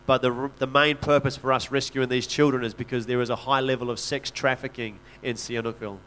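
Man, missionary speaker, church storytelling, earnest, steady low-key pitch, middle voice. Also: quick pace. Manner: earnest, conversational, frequent restarts. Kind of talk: church talk, personal storytelling.

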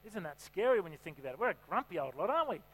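Aussie guy preaching, high voice, chatty n jokey, big echoey hall w/ a hum. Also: sing-song, very fast, fairly bright tone, slightly rough. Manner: chatty, joking, asks the crowd questions. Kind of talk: sermon. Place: church hall. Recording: reverberant hall with mains hum.

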